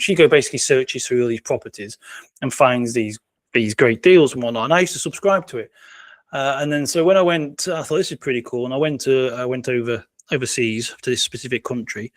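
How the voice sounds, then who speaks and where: A British man talks loosely in a casual interview and repeats himself as he goes, with a chuckle here and there. His voice sits in a middle range. The sound is close and dry, with no room echo. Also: mid-range voice. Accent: British English. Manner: rambling, repeats words, chuckles often. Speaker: interview guest, entrepreneur.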